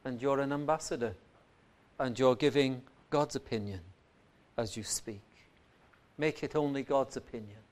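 A man preaching a sermon, asking rhetorical questions and swinging between loud emphatic lines and quiet, reflective ones. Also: mid-range voice, normal speed, long pauses.

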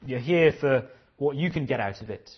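A man preaching a sermon with earnest, probing questions and frequent repetition. His voice is husky at mid pitch. The recording sounds dull and lo-fi. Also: expressive, moderate pace. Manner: earnest, questioning, repeats phrases.

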